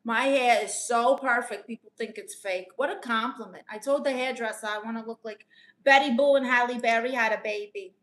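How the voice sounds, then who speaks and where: With a fairly high, fairly bright voice close to how she'd normally talk, a woman speaks fairly quickly in sassy improvised live-stream comedy. Answering chat, she plays a brash, teasing aunt who calls herself a therapist and calls everyone honey.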